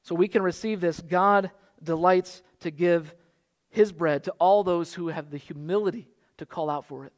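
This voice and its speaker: A man's voice: high-pitched, normal speed. A man in his thirties, a pastor, preaching a sermon in an earnest manner that builds to fervent exhortation.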